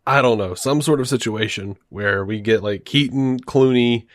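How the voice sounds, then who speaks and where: A man's voice: medium pitch, moderate pace, no echo, clean studio sound. A man co-hosting a podcast in casual chat, enthusiastic and rambling, laughing often. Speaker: podcast co-host.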